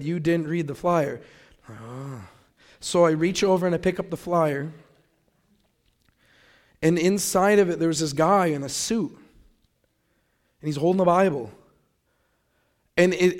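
A young man from Grand Rapids tells the story of how he came to faith. His voice sits a little high for a man. He keeps it casual and lively, slipping into his own remembered thoughts as if replaying them. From Grand Rapids, Michigan. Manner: conversational, animated retelling with quoted inner thoughts. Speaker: testimony speaker. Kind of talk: personal testimony storytelling.

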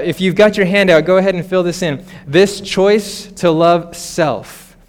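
A man delivers a sermon in a bright, high-pitched voice. He talks in an animated way, drifting into playful asides and short laughs. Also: clear, resonant tone. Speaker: pastor.

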